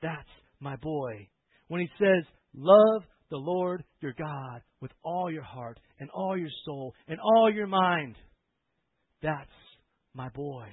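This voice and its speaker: A man preaching a sermon as pastor, swinging from loud impassioned preaching to quiet storytelling. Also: on the high side, expressive, takes it slowly, husky, no room sound. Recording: tinny phone-like sound, dry.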